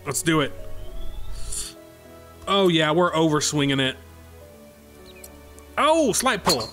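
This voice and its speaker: A man giving excitable, sarcastic commentary while playing a golf video game, swinging between high yelps and low mutters. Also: slow, faint music behind. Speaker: gaming YouTuber. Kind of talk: gameplay commentary.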